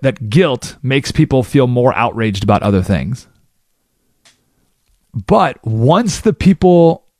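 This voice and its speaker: Animated male radio talk host. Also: mid-range voice, no echo, clean studio sound. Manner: animated, acts out quoted people.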